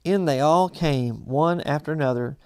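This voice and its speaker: A man reading a classic novel aloud in a measured storytelling manner. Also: a little high, smooth, no room sound, clean studio sound. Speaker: audiobook reader.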